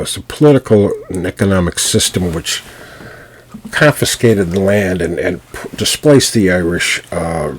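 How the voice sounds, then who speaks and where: Husky deep-voiced man telling history. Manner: unhurried, frequent "uh" pauses and restarts. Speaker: storyteller and podcast host. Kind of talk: solo podcast history talk. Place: home.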